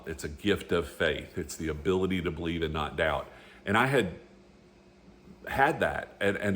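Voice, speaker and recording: A man with a very deep voice shares a personal faith testimony in an earnest, unpolished way. He wanders and restarts as he talks. He sounds middle-aged and speaks like he is chatting with a friend. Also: slight background noise. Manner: rambling and earnest, with frequent restarts. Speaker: storyteller sharing a faith testimony. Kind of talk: casual spoken testimony.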